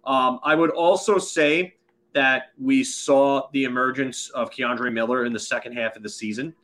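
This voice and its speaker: A man's voice: medium pitch, fairly even intonation, moderate pace, a bit bright. A man co-hosting a casual sports podcast, rambling with many fillers and restarts. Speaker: podcast co-host.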